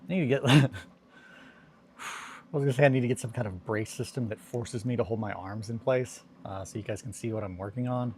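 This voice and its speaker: A man's voice: medium pitch, fairly even intonation, fairly quick, a little mellow, slight background noise. A man hosting a casual hobby livestream, chatting in a rambling, self-deprecating way and laughing often while he works. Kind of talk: casual chat while crafting.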